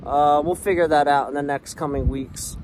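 A man from Philadelphia, a show's co-founder and producer, giving a relaxed, chatty update outdoors on a ranch beside horses. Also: a little high, moderate pace, poor audio. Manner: relaxed, chatty, talks to horses between remarks. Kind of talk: casual outdoor video update. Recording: loud outdoor wind noise on mic.

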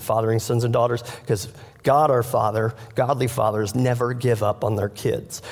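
A man's voice: medium pitch, a little mellow, in a large hall. A man preaching a sermon as pastor, earnestly retelling a scripture story and turning to the congregation directly. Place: church sanctuary.

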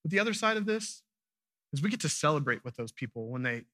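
A man's voice: a little high, very animated, fast talker, bright, forceful tone, no echo. A man in his thirties preaching a sermon, telling a family story in a conversational way and acting out the lines of his wife and daughter. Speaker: pastor.

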